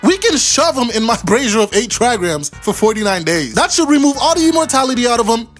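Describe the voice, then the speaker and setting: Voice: mid-range voice, very animated, fairly quick, soft background music, close to an everyday voice. Narrator doing an offhand old alchemist sage.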